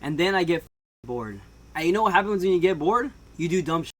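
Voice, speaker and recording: Animated storytelling guy, slightly high voice. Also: fast. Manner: animated, swings between loud outbursts and hushed asides; laughs often. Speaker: vlogger. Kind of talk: comedic storytime.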